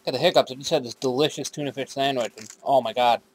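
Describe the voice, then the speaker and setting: A man's voice: medium pitch, fast talker, slight background noise. A man hosting his own game series in casual commentary, rambling, swearing freely and talking back to the characters on screen. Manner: drifts into random put-on accents.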